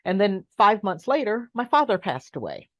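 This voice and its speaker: A woman's voice: medium pitch, big pitch swings, moderate pace, no echo, muffled recording. A middle-aged woman speaking as an interview guest, frank and emphatic, sometimes reflective. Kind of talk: conversational interview.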